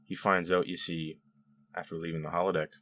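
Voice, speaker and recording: Deep-voiced man chatting casually. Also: a little fast, faint music behind. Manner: chatty, animated, laughs often, many fillers and restarts. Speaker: show host reviewing episodes. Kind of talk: casual spoken review.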